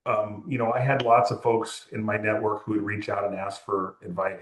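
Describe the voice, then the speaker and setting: A low-pitched man from California talking as an interview guest, winding through anecdotes and acting out what others said. His voice sits in a roomy, echoing space. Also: little pitch movement, normal speed, few pauses. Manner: rambling, anecdotal, acts out quoted dialogue. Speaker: music photographer, guest. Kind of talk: relaxed interview storytelling. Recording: roomy echo.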